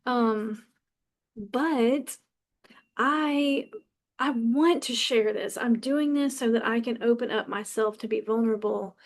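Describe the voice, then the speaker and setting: A woman's voice: fairly high pitch, takes it slowly. A woman in her fifties hosting a podcast, talking passionately and bluntly in a candid personal monologue, swearing freely and often restarting her sentences. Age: 50s. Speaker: podcast host.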